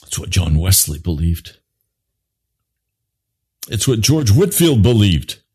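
A man preaching an impassioned sermon, swinging from low grave tones to high urgent pleading. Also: sing-song, slow, a little mellow, slightly rough.

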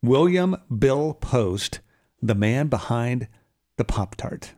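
A man co-hosts a morning radio show in an easygoing, chatty way. His voice sits at a middle pitch, and he reads news items as if just talking. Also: expressive, slow pace, darkish tone. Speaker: radio host.

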